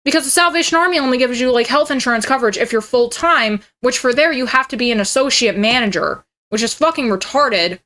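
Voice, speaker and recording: Bright-voiced ranting woman in her twenties. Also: fairly high pitch, animated, fast, few pauses. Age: 20s. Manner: profane and heated, mocking. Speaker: streamer. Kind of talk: ranting reaction commentary.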